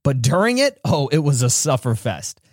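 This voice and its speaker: A man's voice: sing-song, normal speed, a little mellow, no echo, clean studio sound. A man hosting a podcast, telling a personal story with emphasis and acting out the voices of those in it. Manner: emphatic, acts out childhood dialogue with rising pitch. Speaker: podcast host.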